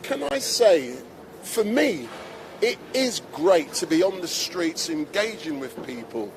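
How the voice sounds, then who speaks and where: A man with a fairly high, sing-song voice talks slowly while interviewing live on a bustling street, gripping a handheld mic. He's chatty and exclamatory, and traffic noise fills the background.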